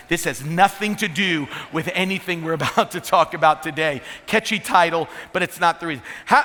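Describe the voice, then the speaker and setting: A man pastor preaching a sermon in a church, telling a story in a lively way with humorous asides. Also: a little high, long reverb tail. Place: church sanctuary.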